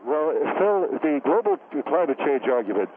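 A man's voice: on the high side, sing-song, normal speed. A man voicing an indignant, self-important male scientist calling in to a radio show. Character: touchy, pompous male scientist, middle-aged. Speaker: scientist guest on phone. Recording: phone line with faint hiss.

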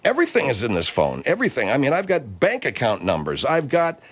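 A brash male radio host on a comedic talk show, combative and quick to yell. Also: mid-range voice, wildly swooping pitch, breathy edge. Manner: brash, combative, bursts into yelling.

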